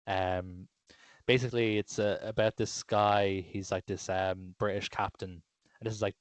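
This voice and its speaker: A man chatting casually on a film podcast, rambling and enthusiastic, full of fillers and false starts. His voice sits fairly low and the sound is dry and close. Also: dry recording. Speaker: podcast co-host.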